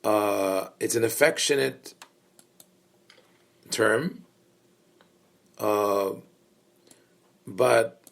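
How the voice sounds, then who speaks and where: This rabbi teaching a class speaks very slowly in a lowish voice with vocal fry, pausing often. His Bible study lecture is thoughtful and explanatory, peppered with fillers, restarts and questions aimed at his listeners.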